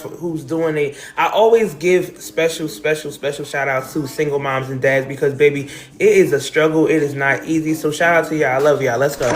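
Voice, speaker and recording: A woman's voice: deep voice, slight background noise. Chatty livestream host, woman from Jersey. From New Jersey. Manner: chatty, emotional, addresses viewers directly. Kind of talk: casual live-stream chat. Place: at home, decorated with balloons and pictures.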